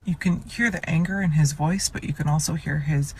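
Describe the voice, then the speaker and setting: A woman's voice: deep voice, fairly quick, a little mellow, slight background noise. A woman speaking earnestly and a little choked up, sharing her admiration for what she has just watched. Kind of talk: emotional commentary on a video call.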